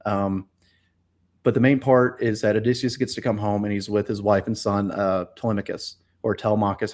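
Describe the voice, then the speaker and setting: A man's voice: lowish voice, a little mellow. A man speaking as a guest expert on a live-streamed discussion, telling things in a casual, hesitant way with many fillers.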